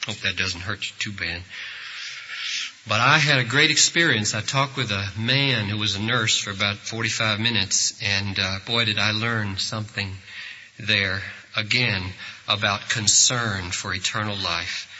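Forceful husky male preacher. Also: lowish voice, unhurried. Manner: dramatic storytelling, acting out quoted voices. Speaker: pastor. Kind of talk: sermon. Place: church service before a congregation. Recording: echoey hall, dull lo-fi sound.

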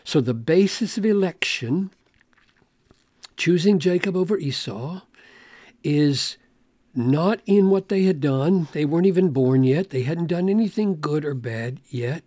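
A man's voice: a little high, animated, unhurried, dark tone, no echo, studio quality. Emphatic man teaching scripture. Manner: emphatic, repeats key phrases for stress; reads scripture aloud and explains it. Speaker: Bible teacher. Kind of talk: expository Bible lesson.

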